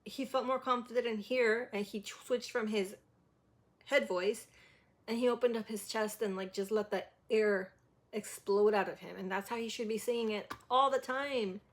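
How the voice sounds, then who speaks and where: Woman host, high voice, chatty vocal coach reaction, breaks into sung demos. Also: fairly even intonation, normal speed. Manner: demonstrates by singing lines, filler-heavy "like". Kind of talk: casual vocal critique.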